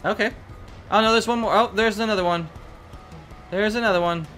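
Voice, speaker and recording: A woman casually commenting as she plays a video game, chatty and excitable, shrieking at sudden scares and coaxing a pet in baby talk. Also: medium pitch, a little fast, soft background music. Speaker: gaming video host. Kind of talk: casual let's-play commentary.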